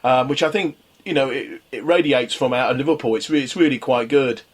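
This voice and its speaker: Imagine a man from London hosting a local radio interview. His voice sits mid-pitch, and he circles around his questions, stumbling and restarting often. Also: fairly quick, breathy edge. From London, England. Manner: rambling, full of restarts. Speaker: radio host.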